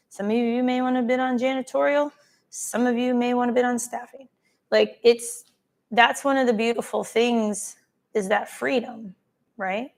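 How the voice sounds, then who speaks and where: On a holiday trip, a woman runs a casual live stream, gushing as she reads out viewers' comments and thanks each person by name. Her voice is slightly high with a creaky edge.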